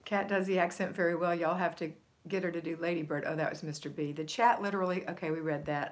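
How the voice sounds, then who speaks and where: A woman's voice: on the low side, fairly bright tone. Chatty older woman hosting a live stream. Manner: chatty and upbeat, laughs often, quick asides. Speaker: livestream host. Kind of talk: casual live chat, reading viewer comments aloud.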